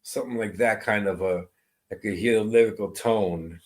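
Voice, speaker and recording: Guy hosting a live psychic stream, gentle and reassuring, says hi to everyone in chat. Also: fairly low pitch, moderate pace, low-quality recording. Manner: greets chat viewers by name, soft and reassuring. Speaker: medium. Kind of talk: live-streamed mediumship reading.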